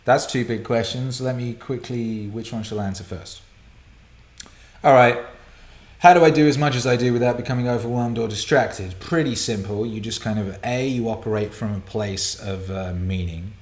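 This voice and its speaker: A man hosting a live viewer Q&A broadcast from a home studio, excitable and profane, laughing and rambling as he reads out questions. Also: mid-range voice, normal speed, roomy sound. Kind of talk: casual live-stream chat, reading viewer questions.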